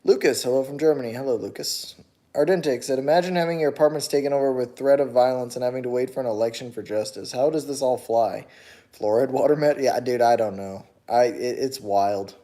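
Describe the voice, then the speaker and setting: A man's voice: mid-range voice, brisk, warm tone. A man hosting a casual livestream, reading viewer comments aloud and answering them offhand, with chuckles, and turning argumentative when challenged. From United States.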